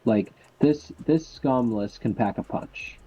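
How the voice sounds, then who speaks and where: A man's voice: mid-range voice, slow pace, dark tone, slightly rough. A man giving color commentary on a tabletop miniatures game, hesitant and full of ums and uhs. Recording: dull lo-fi mic.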